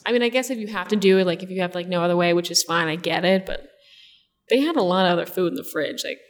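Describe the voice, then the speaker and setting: A woman's voice: fairly low pitch, fast talker. Rambling young woman in a reverberant room. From New Jersey Shore. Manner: rambling, laughing storyteller, many likes. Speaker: guest. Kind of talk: casual interview chat.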